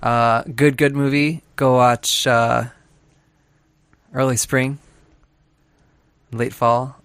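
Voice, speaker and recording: Male podcast co-host, gravelly voice, dry close mic, deadpan jokes. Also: medium pitch, extremely slow, no echo. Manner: deadpan joker. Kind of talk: casual chat.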